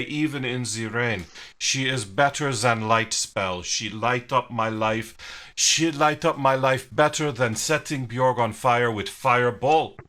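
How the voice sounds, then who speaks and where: A man's voice: medium pitch, pushed and bright. Man doing a hammy fake-French lovestruck hero. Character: bumbling lovestruck French-accented male hero.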